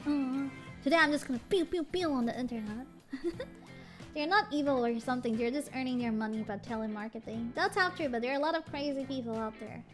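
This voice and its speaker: A woman's voice: sits high, brisk, soft background music. A woman streamer chatting casually with her viewers in a bubbly way, dropping in Japanese words.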